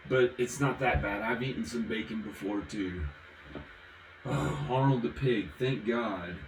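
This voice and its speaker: A man's voice: medium pitch, measured pace, roomy sound, slight background noise, rough recording. A man from the American South, vlogging casually while drinking, rambling and giggling from one topic to the next.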